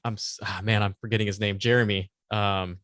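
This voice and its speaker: A man's voice: lowish voice, little pitch movement, fairly quick, a bit bright, dry recording, clean studio sound. A man co-hosting a podcast, talking casually and rambling, often stopping to search for words and laughing along. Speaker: podcast co-host. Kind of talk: casual chat.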